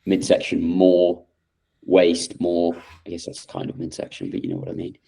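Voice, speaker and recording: A man's voice: low voice, flat delivery, normal speed, gravelly, dark tone, slightly rough, rough recording. A young man co-hosting a podcast, talking in a laid-back, blunt way and swearing freely. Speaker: podcast co-host. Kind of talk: casual chat.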